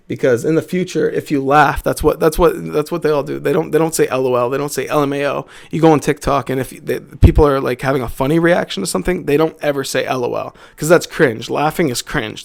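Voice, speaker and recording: A man's voice: a little high, quick pace, creaky, hardly any pauses. A male podcast host delivering a combative, profane rant.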